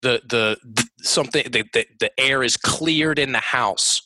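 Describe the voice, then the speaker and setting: A man's voice: mid-range voice, measured pace, bright, forceful tone, no room sound. A man as a podcast guest, talking enthusiastically and emphatically about his work. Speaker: podcast guest, course creator. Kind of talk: casual interview chat.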